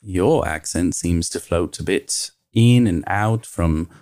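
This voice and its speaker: A man's voice: deep voice, takes it slowly, darkish tone. A man co-hosting a casual podcast, joking playfully and reading product details aloud. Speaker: podcast co-host. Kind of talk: casual chat.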